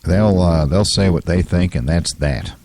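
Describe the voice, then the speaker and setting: A man in his fifties hosting a solo talk show, his throat scratchy and hoarse, talking in an opinionated, rambling way full of fillers. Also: sits low, a little slow, darkish tone, no echo. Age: 50s. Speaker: podcast host.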